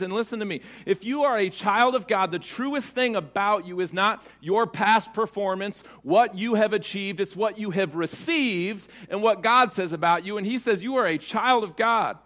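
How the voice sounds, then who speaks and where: Brief: young male pastor, light high voice, chatty sermon delivery with acted-out dialogue. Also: moderate pace, hardly any pauses, pushed and bright. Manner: conversational preaching, acts out dialogue.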